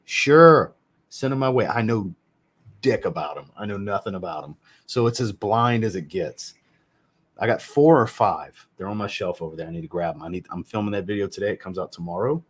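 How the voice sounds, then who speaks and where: Casual, low-voiced man chatting on a livestream. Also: lively intonation, fairly quick, husky. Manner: blunt, joking, swears casually. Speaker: fragrance reviewer hosting a live chat. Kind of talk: casual livestream chat answering viewers. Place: home room with a fragrance shelf.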